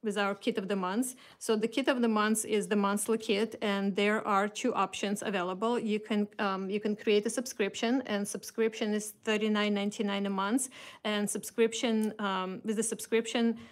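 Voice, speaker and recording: A woman's voice: medium pitch, little pitch movement, moderate pace. A woman with a Russian accent, hosting a casual craft product showcase and chatting with many fillers and restarts. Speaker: craft company host.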